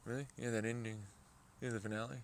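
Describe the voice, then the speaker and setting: A man's voice: mid-range voice, little pitch movement, quick pace, slight background noise. A man rambling profanely to himself, talking back to imagined voices in a casual vlog. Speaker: vlogger.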